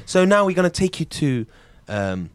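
A man's voice: on the high side, very animated, normal speed, noisy background. A man hosting and setting up an improvised comedy sketch, with hesitant, filler-filled speech. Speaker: host.

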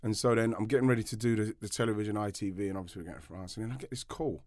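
A man's voice: fairly low pitch, rapid-fire, a little mellow, no echo, studio quality. A middle-aged man, co-hosting a podcast and telling a long story in a rambling way, with many restarts. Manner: rambling, with frequent restarts and laughter. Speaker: podcast co-host, former footballer. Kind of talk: storytelling in casual chat.

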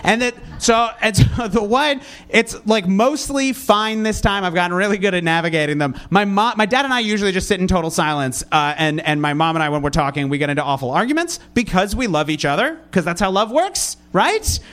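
A young man doing a stand-up comedy set, rambling and sarcastic, with deadpan asides and sudden loud outbursts. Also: high voice, fairly quick, hardly any pauses. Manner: sarcastic, rambling, self-deprecating.

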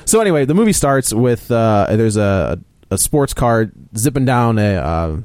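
A man's voice: lowish voice, big pitch swings, normal speed, darkish tone, dry recording, clean studio sound. A man co-hosting a casual film review podcast, recounting movie scenes in a rambling way with many fillers. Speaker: podcast co-host.

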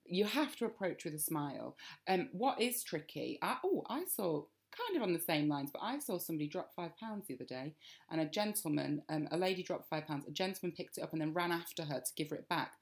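Woman, Northern English accent, low voice, gravelly, chatty podcast co-host. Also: animated, fairly quick. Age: young adult. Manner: chatty, laughs often. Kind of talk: casual chat.

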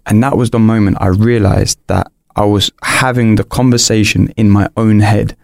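A man's voice: fairly low pitch, little pitch movement, normal speed, creaky, hardly any pauses, dry recording, studio quality. A young man, a podcast guest, candidly telling a personal story in an earnest, rambling way, full of restarts and fillers.

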